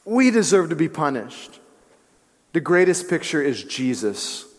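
Guy preaching a sermon, storytelling style, gets real quiet for emphasis, big echoey hall. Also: on the high side, unhurried. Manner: animated storytelling, drops to hushed tones for emphasis. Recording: long hall reverb.

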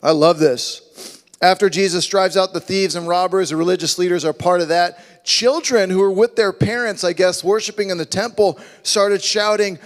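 A man preaching a sermon as a pastor, animated, acting out voices in his story. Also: sits high, measured pace. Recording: long reverb of a large hall.

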